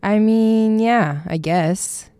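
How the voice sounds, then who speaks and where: A young woman co-hosting a casual podcast chat, talking in a calm, soft, low-key way. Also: very slow, smooth, no room sound. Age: young adult. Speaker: podcast co-host.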